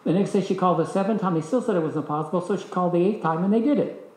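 Older male teacher, slightly high voice, lively storyteller, echoey room with faint noise. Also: rapid-fire. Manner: lively anecdotal storytelling, voices the people in his stories. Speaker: discipleship school teacher. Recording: echoey hall.

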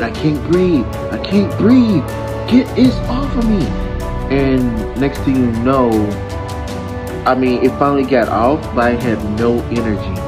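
Guy rambling thru a storytime vlog, lots of likes and ums, music playing under him. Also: medium pitch. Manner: rambling, many fillers and restarts.

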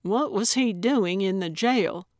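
Woman plays elderly female amateur detective, blunt, sarcastic, unhurried, storybook reading. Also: medium pitch, a little mellow, no room sound, studio quality, natural voice. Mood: sardonic. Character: elderly woman sleuth, feisty and sharp-tongued.

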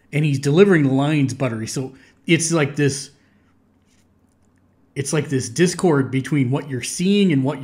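American guy reacting to a music vid, kinda high voice, rambly and chatty, middle-aged. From United States. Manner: chatty, restarts sentences, laughs easily. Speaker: reaction video host. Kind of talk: casual reaction commentary.

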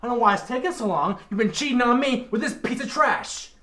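A man acting out a jealous husband in a staged scene, narrating and then shouting accusations. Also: very high voice, animated, quick pace, exaggerated voice. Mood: furious. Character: young man playing a jealous, enraged husband. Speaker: friend acting out a crime scene.

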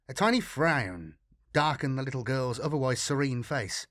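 A man reads a dark science-fiction audiobook with lively, animated pitch movement and a steady storytelling pace. The recording is dry and close, with no room sound. He sounds engaged in the story, mid-pitched. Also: normal speed, no echo. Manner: expressive storytelling reading. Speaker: audiobook narrator. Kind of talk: scripted narration.

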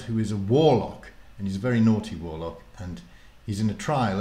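A man with a lowish voice reads his children's book aloud, chatting casually with ums before diving into the story. The sound bounces around a roomy, echoing space. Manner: lively, with casual fillers. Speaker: author reading his book. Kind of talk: storybook reading.

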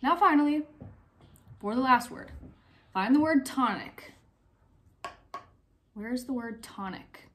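A young woman teaching phonics to young children in a recorded lesson. Her voice sits a little high, and she talks slowly and clearly, asking questions, pausing for answers and encouraging her pupils. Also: expressive, a bit bright, slight background noise. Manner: slow, clear, encouraging teacher talk, asks questions and pauses.

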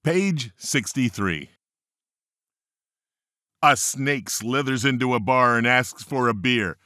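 A man narrating an audiobook of jokes, reading them aloud playfully and jumping up in pitch for the quoted characters. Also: takes it slowly, pushed and bright, no echo, studio quality. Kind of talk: reading a joke book aloud.

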